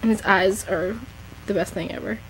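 A woman's voice: medium pitch, steady tone, moderate pace, noisy background. A teenage girl giving a chatty, gushing tour of her model horse collection, talking to her camera as she films. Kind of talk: casual collection tour vlog.

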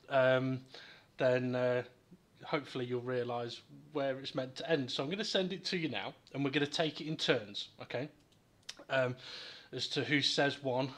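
A man's voice: mid-range voice, a bit bright. A British man hosting a casual podcast chat, swearing and laughing as he organizes the others. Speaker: podcast host.

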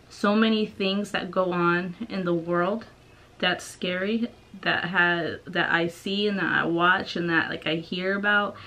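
A woman's voice: fairly low pitch, fairly bright tone, low-quality recording. A young woman vlogging from home, talking in a hesitant, rambling way with many restarts. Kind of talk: personal confessional vlog.

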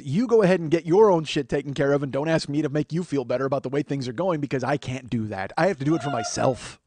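Guy in his 40s, rambly self-mocking comedy rant, lots of swearing, talks quick, dry close sound. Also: on the high side, a little mellow, dry recording. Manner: profane, self-deprecating, ranting. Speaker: podcast host. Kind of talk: rambling comic monologue.

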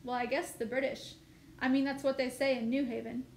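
A woman reading aloud, voicing an eager, proud young male soldier who rushes his words and loses his temper quickly. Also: high voice, flat delivery. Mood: flustered. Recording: echoey room, faint noise.

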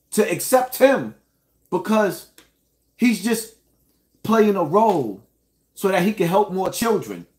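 A man with a fairly high voice delivers an indignant commentary rant, speaking straight to his viewers. His talk is emphatic, with pointed rhetorical questions. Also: a bit bright. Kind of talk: ranting reaction commentary.

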